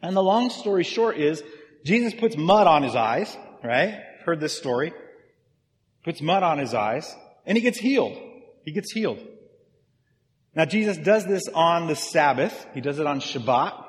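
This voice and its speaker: A man's voice: a little high, very animated, unhurried, big-room sound. A man preaching a sermon in a conversational way, often checking in with his listeners. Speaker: pastor.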